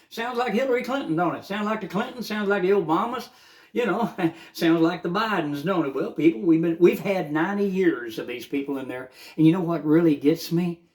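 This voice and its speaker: Rambling older man, slightly high voice. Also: a little mellow. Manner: rambling, fervent, with many filler uhs. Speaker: vlogger. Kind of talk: casual morning monologue.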